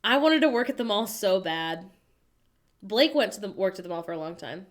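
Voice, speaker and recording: An American woman hosting a casual livestream, chatting playfully and reading viewers' messages aloud with animated, self-mocking humor. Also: medium pitch, moderate pace. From United States. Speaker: livestream host reading chat. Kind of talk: casual chat.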